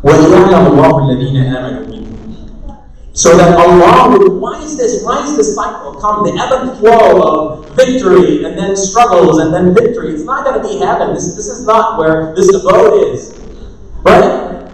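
A man's voice: high voice, animated, normal speed. A man giving a Friday sermon in a mosque, earnest and exhorting, reciting Arabic scripture between his points. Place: mosque prayer hall. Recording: echoey hall, voice far from mic.

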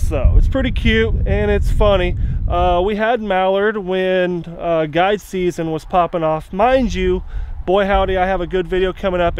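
A middle-aged man with a fairly high voice speaks in a loose, folksy, rambling way. He films a casual outdoor vlog on a rural property, and faint ambient noise sits behind him. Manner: folksy and rambling, talks to his pet duck. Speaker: duck-hunting guide and vlogger.

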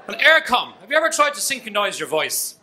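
An Irish man doing stand-up on a club stage, his voice pitched high and very bright, cutting through the room. He chats with the crowd and keeps slipping into mimicked voices. A faint hum of the venue sits underneath. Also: big pitch swings, fairly quick. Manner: chatty, mimics voices for laughs. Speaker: stand-up comedian. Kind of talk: stand-up comedy set.

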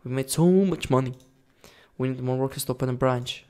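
A man's voice: mid-range voice, brisk, darkish tone. A man giving casual game commentary, rambling along with frequent giggles and swearing. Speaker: gaming video creator.

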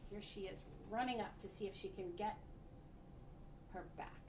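The clip features a woman sharing a picture book with kids, her reading full of expression and punctuated by pauses to show the pictures. It sounds roomy and distant, with a slight rumble in the background.

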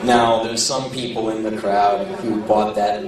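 A man's voice: lowish voice, a little slow, hardly any pauses, far from the mic. Profane man telling a live story. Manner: animated, profane, chuckling through the telling. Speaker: spoken-word performer. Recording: echoey live hall, voice heard from afar.

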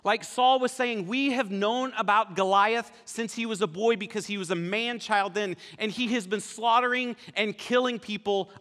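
Bright-voiced male pastor preaching. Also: high voice, long reverb tail. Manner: casual storytelling, animated. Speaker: campus pastor. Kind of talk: sermon. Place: church sanctuary.

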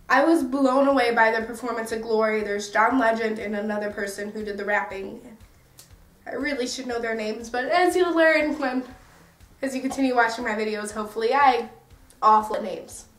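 A woman's voice: a little high, moderate pace, fairly bright tone, far from the mic. A young American woman vlogging in a casual, rambling and self-mocking way. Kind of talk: casual chatty review. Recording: echoey room, a bit off-mic.

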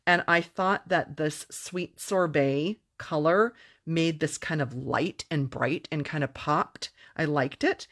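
A middle-aged woman walks through a craft tutorial in a low, unhurried voice. She chats casually and pokes fun at herself, laughing easily along the way. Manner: chatty, self-deprecating, laughs easily. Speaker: papercraft demonstrator.

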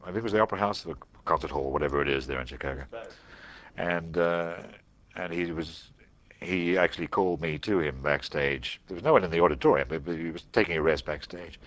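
Very deep-voiced male interview host. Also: fairly bright tone. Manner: measured, anecdotal storyteller. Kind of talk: conversational interview. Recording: dull lo-fi dry recording.

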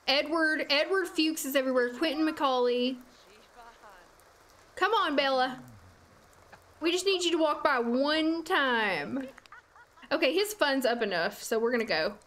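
A woman's voice: sits high, animated, a little slow, pauses often, fairly bright tone. A young adult woman chatting casually while streaming a game, laughing often and talking to the characters on screen. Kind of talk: casual gameplay livestream chat. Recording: faint music behind.

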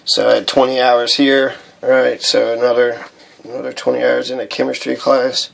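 A man casually talking through his paperwork, halting and aggrieved, with many fillers. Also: medium pitch, level tone, gravelly. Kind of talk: casual vlog walkthrough of documents.

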